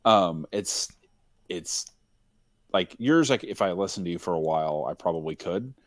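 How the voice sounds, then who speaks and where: A man's voice: low-pitched, lively intonation, normal speed, no room sound, clean studio sound. A man with a Texan accent chatting casually on a call, rambling and laughing often. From Texas. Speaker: game developer and host.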